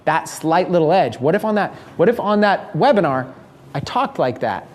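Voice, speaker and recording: A man giving a live seminar talk, energetic and conversational, acting out what his listeners might think. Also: a little high, normal speed. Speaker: business speaker teaching a mastermind.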